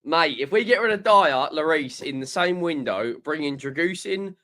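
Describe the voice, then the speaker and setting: A man's voice: fairly high pitch, expressive, normal speed, bright, forceful tone. A man co-hosting a football fan stream, chatting eagerly about transfer news in a casual way. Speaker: co-host. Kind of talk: casual live-stream chat.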